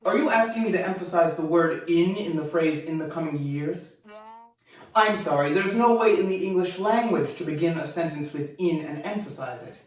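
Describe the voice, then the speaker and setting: A man's voice: fairly high pitch, moderate pace, natural voice. A man doing a comic impression of a pompous, irritable aging film director, indignant and condescending. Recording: echoey room from far off.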